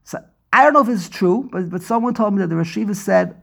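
Host, male, breathy voice, animated storyteller on a video call mic. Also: high voice, fast. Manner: animated storyteller, laughs often. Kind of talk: casual conversation.

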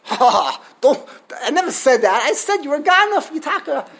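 A woman giving a storytelling Torah lesson, animated, acting out quotes and laughing as she tells it. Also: high voice, normal speed, poor audio. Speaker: Torah teacher.

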